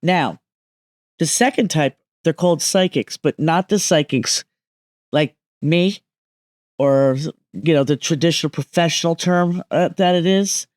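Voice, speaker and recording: A woman's voice: low-pitched, a little slow, darkish tone, no echo. A woman speaking as a medium guest on a podcast, explaining emphatically and often checking that listeners follow.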